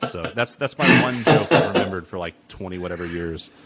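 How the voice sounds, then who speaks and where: Lively, laughing podcast host man. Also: deep voice. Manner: rambling, crude, laughs often. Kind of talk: casual chat.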